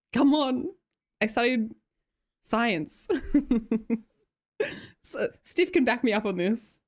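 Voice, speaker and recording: A young woman with an Australian accent chats on a livestream and keeps breaking into giggles. Her pitch swings widely from line to line. She sounds close to a desk mic in a home room. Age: young adult. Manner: giggly, chatty, reads chat aloud. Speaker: live streamer. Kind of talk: casual livestream chat.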